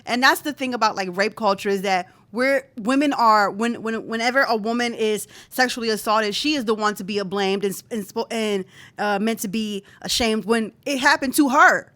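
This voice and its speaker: A fired-up woman co-host talking in casual podcast chat. Her voice sits a little higher than most women's and jumps even higher when she's outraged, and she keeps her points emphatic. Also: moderate pace. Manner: emphatic, heated, swings high when outraged.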